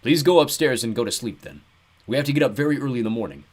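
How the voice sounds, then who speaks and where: A man's voice: medium pitch, sing-song, quick pace, voice pushed up. A man voicing a stern, fussy, officious middle-aged man.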